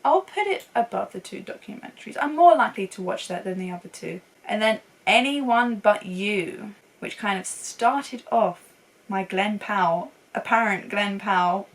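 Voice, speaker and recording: A woman's voice: medium pitch, normal speed, recorded from a distance, poor audio. A young woman chatting casually and enthusiastically as a film reviewer, laughing often. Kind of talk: casual chat.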